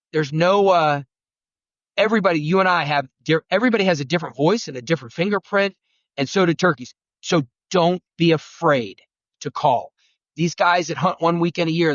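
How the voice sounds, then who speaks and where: Higher-voiced man telling hunting stories. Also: dry recording, highs cut off. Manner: animated, rambling, acts out quotes. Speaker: guest turkey hunting expert. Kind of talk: storytelling conversation.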